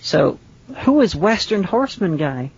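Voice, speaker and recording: A woman's voice: fairly low pitch, very animated, a little slow, gravelly, a little mellow, slightly rough. A woman co-hosting a podcast, asking curious questions in a blunt, casual manner with frequent swearing. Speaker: podcast co-host. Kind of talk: casual chat. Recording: dull lo-fi podcast audio.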